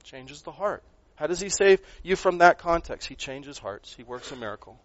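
A man delivers a sermon in an earnest voice pitched a bit high, pushing hard on key lines and then falling to near-quiet asides. He stumbles over and repeats words now and then. The recording is dry and slightly dull. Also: animated, normal speed, no room sound. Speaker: pastor.

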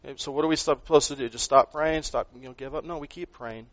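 A man preaching a sermon, earnest, rising to loud emphasis and dropping to quiet asides, often repeating words as he goes. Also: medium pitch, fast, dry recording, lo-fi sound. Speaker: pastor.

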